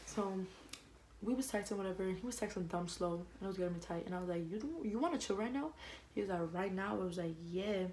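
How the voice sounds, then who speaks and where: A young woman vlogger telling a casual storytime, fast and slangy, full of "like" and quoted back-and-forth. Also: lowish voice, fairly even intonation, darkish tone, slight background noise, poor audio.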